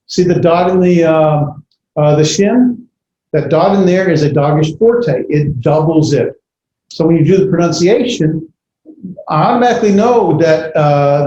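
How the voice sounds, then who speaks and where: A man lecturing a class, talking in a halting way with many fillers and restarts as he sounds out letters slowly. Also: fairly high pitch, warm tone. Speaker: Bible language teacher. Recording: roomy, dull lo-fi classroom recording with faint hiss.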